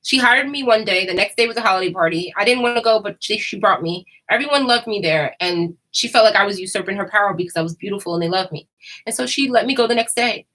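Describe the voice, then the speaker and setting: A woman's voice: medium pitch, quick pace, a bit bright, rough recording. A woman chatting casually and candidly, rambling and laughing often. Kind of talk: casual chat.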